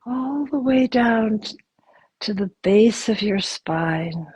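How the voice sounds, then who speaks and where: A woman guides listeners through a gentle body exercise in a very breathy, husky voice. She talks slowly and soothingly, drops into soft whispers, and sounds close and dry with no room around her. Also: fairly high pitch, animated, dry recording, low-quality recording. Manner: soft, slow, soothing, with sighs and whispered affirmations. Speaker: host leading a guided exercise.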